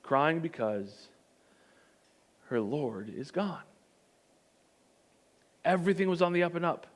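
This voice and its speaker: A man preaching a sermon as pastor, telling the story in an animated way with comic asides. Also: fairly high pitch, slow pace.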